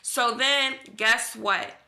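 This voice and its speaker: A woman's voice: on the high side, very slow. A young woman telling a personal story in a vlog, acting out the dialogue and using lots of fillers. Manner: animated retelling, acts out dialogue, filler-heavy.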